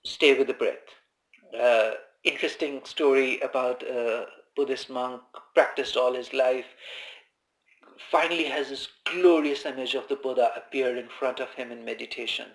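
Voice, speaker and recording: A man giving informal spoken meditation instruction, calm and conversational, who repeats his key phrases. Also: mid-range voice, normal speed. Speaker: meditation teacher. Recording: echoey room.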